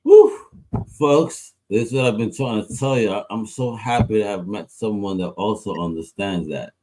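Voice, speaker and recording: A man hosting a casual podcast interview, animated and slangy, laughing often and acting out quotes. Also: on the low side, normal speed, a little hiss or hum, poor audio. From New York. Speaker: podcast host.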